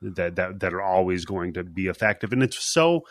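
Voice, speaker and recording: A man's voice: low voice, lively intonation, moderate pace, no echo. A man hosting a podcast, telling a movie's story in casual chat and acting out the characters as he goes. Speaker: podcast host.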